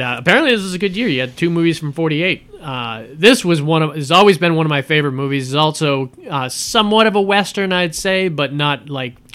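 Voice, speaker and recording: A man chatting casually about films on a podcast, retelling scenes with lots of fillers and the odd swear. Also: on the high side. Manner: animated storytelling, swearing, many fillers. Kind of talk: casual movie chat.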